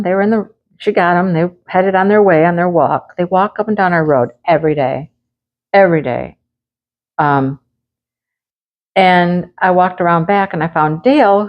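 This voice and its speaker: A woman craft vlogger at her rural home, telling a lively anecdote in a casual chat, often laughing. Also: lowish voice, muffled recording.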